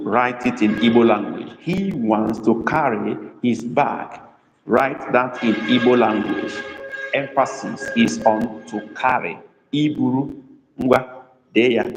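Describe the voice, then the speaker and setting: A man's voice: medium pitch, darkish tone, echoey room, big-room sound, poor audio. A man with a Nigerian accent teaching a live online language lesson, chatty and teasing as he calls on students by name. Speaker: Igbo language tutor.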